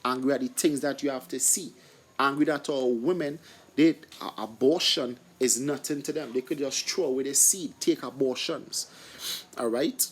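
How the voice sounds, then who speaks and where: A man's voice: medium pitch, normal speed, breathy edge. A man giving an informal scripture study talk, often asking and answering his own questions and stumbling over repeated words. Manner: stumbling restarts and fillers. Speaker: scripture teacher.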